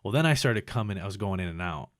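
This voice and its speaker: Male podcast guest, low register, swears a lot, animated casual storyteller. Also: quick pace, no echo, studio quality. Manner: profane, rambling, animated retelling.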